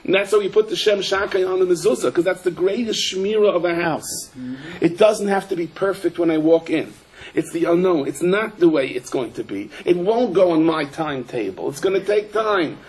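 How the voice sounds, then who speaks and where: A rabbi teaching a Torah class, his voice sitting a little high for a man. He tells stories with animation, drops in Hebrew and Yiddish terms, and puts on the voices of the people he quotes. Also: lively intonation, moderate pace, a little mellow, rough recording. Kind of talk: storytelling Torah lecture.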